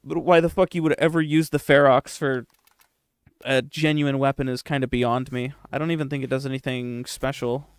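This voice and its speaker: A man's voice: medium pitch, fairly even intonation, moderate pace, clean tone, no room sound. A young man streaming a game, chatting casually with his chat in a sarcastic, profane, rambling way.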